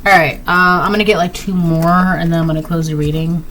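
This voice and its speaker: Bright-voiced woman giving a rambling tarot reading. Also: lowish voice, flat delivery, a little fast, slight background noise. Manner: rambling, with many fillers and repeated phrases. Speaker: tarot reader. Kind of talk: casual spoken tarot reading.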